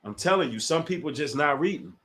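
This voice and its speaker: Taunting man with a high-set voice. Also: lively intonation, a little fast, a bit bright. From Washington, D.C. area. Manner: taunting, challenging, talks straight to chat. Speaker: livestream host. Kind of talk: casual livestream call-out.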